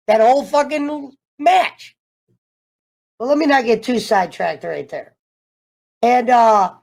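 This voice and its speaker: A man casually ranting through a TV show review, animated and profane, wandering off on tangents. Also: sits high, creaky. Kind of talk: casual rambling rant.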